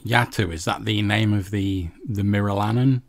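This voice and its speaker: A man voicing a sly yellow male alien smuggler who talks in a sarcastic, patronising way. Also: fairly low pitch, steady tone, moderate pace, natural voice.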